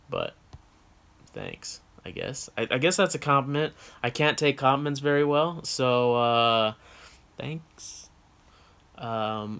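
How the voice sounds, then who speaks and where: A man's voice: mid-range voice, a bit bright. A man from the United States co-hosting a casual chat show, answering viewer questions in a frank, rambling way with many fillers and self-corrections.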